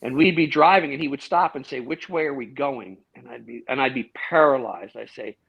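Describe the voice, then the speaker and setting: A middle-aged man, a guest in a casual interview, telling a long story with lively acted-out quotes and frequent restarts. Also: mid-range voice, fairly quick, creaky, breathy edge. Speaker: guest, former police officer. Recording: dull, lo-fi sound.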